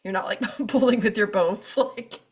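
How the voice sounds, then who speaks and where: A woman's voice: medium pitch, moderate pace, husky. A woman co-hosting a podcast in casual chat, joking and laughing often. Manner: giggly, animated, jokey. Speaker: podcast co-host.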